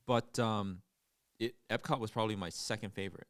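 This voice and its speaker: A man co-hosting a podcast, telling stories in casual chat with animated, jokey delivery and quick silly impressions. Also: smooth, no room sound, studio quality. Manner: animated storytelling, bursts into silly high impressions. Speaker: podcast co-host.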